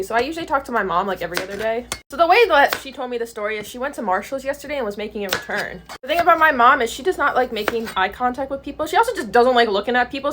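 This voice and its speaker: A young woman rattles through a storytime at a quick clip. Her voice sits fairly high and she laughs often. She talks casually, with plenty of slang. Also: noisy background. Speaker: storytime vlogger. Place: New York City.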